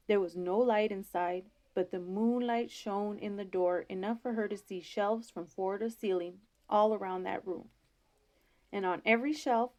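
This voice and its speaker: A woman storyteller, telling a folktale in an expressive, homey way in a school library. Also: medium pitch.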